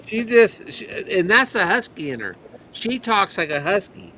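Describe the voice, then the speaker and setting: High-voiced man telling dog stories. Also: very animated, a little slow, pushed and bright, a little hiss or hum. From rural farm background. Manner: rambling storyteller, mimics his dogs. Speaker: friend in casual chat. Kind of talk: casual chat.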